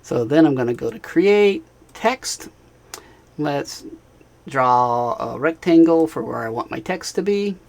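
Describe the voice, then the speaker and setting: Casual male software tutorial narrator. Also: a little high, lively intonation, slow, gravelly. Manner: casual, talks while clicking, frequent "all right" and "right?". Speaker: instructor.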